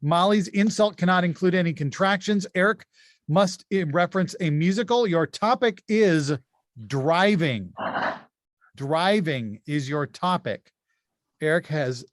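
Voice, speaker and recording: A man hosting a streamed insult comedy game, brisk and joking, often laughing as he reads out the rules. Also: a little high, no room sound, studio quality.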